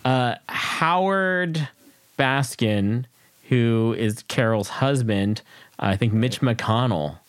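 A man's voice: medium pitch, lively intonation, drawn-out words, smooth, no echo. A man co-hosting a podcast in casual chat, joking and trailing off with fillers. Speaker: podcast co-host.

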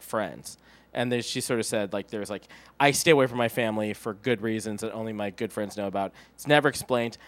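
A man's voice: medium pitch, fairly bright tone, no echo. Male podcast co-host, rambling and wry, dry close sound. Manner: rambling, thoughtful, dry wit. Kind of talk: casual chat.

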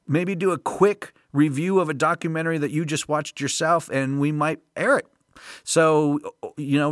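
A man's voice: a little high, fairly bright tone, no room sound, studio quality. A man hosting a podcast on his own, talking casually in an upbeat, jokey way with loose fillers. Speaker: podcast host. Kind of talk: casual solo podcast talk.

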